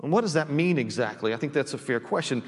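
A man's voice: mid-range voice, lively intonation, fast talker, husky, long reverb tail. A man preaching a sermon as pastor, conversational, with frequent restarts and "right?" tag questions, recorded in a church. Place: church sanctuary.

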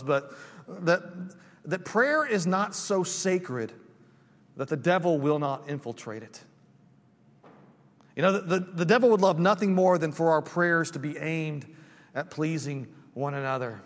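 High-voiced male pastor, echoing sanctuary. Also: animated, moderate pace. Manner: conversational, many restarts and asides. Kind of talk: sermon. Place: church sanctuary.

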